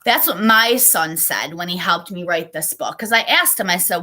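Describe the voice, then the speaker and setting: A woman's voice: lowish voice, very animated, normal speed, few pauses, pushed and bright. A woman reading her own children's book aloud, breaking off into digressive, apologetic asides.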